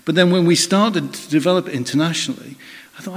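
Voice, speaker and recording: A man's voice: fairly high pitch, fast talker, slightly rough. A man preaching a sermon in a conversational, storytelling way, acting out the voices of people in his stories. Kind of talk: sermon with personal anecdote. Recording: long reverb of a hall.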